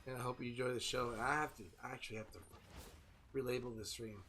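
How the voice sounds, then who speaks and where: A man's voice: mid-range voice, fairly even intonation, fast talker, bright, forceful tone, slight background noise. A man hosting a late-night stream, tired and nearly losing his voice, wrapping up with laid-back, swearing chat. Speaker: stream host. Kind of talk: casual chat.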